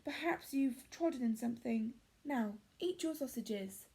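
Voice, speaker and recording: A woman voicing the giant's wife in a children's story, brisk and dismissive. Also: on the high side, animated, creaky, warm tone, slightly rough, exaggerated voice.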